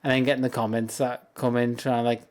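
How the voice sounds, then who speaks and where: A British man talks casually while streaming a game, drifting from one thought to the next and laughing at his own asides. His voice sits at an ordinary middle pitch, and he speaks from a home setup into a desk microphone. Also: little pitch movement, fast talker, a little mellow. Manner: rambling, self-amused, laughs often. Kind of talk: casual chat while gaming.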